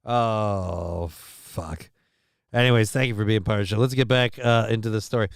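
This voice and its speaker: A man's voice: fairly low pitch, flat delivery, rapid-fire, clean tone. Crude joking male stream host. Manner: crude, joking, reads chat aloud. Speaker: show host. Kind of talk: live-stream news commentary.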